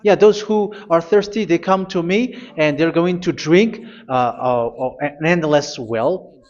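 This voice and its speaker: A man preaching a sermon, reading scripture aloud, halting and repeating phrases as he goes. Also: a little high, darkish tone, muffled recording.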